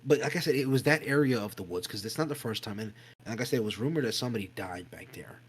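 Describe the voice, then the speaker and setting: A man co-hosting a podcast, telling a spooky story in a casual, animated way, swearing freely and acting out voices and sounds. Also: medium pitch, quick pace, husky, poor audio. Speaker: podcast co-host.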